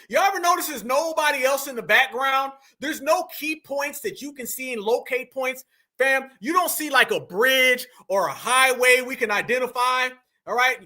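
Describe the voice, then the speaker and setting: A man's voice: very high voice, sharp tone. A man hosting a casual livestream, reacting to a clip and teasing his audience in a mocking, joking way. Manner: mocking, teasing, addresses chat directly. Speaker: livestream host.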